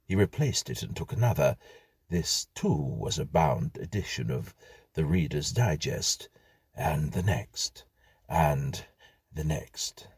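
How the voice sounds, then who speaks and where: A man tells a whimsical tale in a slow, measured reading. His voice is deep and husky. The pitch moves a lot, and the sound is dry and close. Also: animated, darkish tone, no echo. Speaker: narrator. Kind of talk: scripted storytelling.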